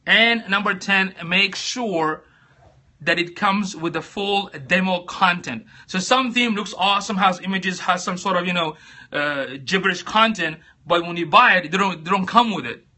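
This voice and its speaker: A man's voice: high-pitched, moderate pace, pushed and bright. A chatty, upbeat man hosting a casual live-stream tutorial on his phone, greeting viewers by name as he talks. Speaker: live-stream host giving tips.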